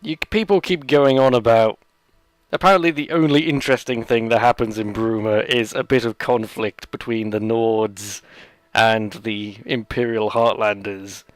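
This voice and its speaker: A man's voice: lowish voice, steady tone, normal speed, dry recording. A man hosting a let's play, giving rambling, sarcastic gameplay commentary full of jokey asides.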